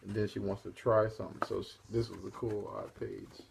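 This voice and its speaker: A man's voice: lowish voice, level tone, a little fast, vocal fry, background noise. A man casually retelling a comic issue for his own review show, in a rambling, laid-back way. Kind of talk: casual spoken comic recap.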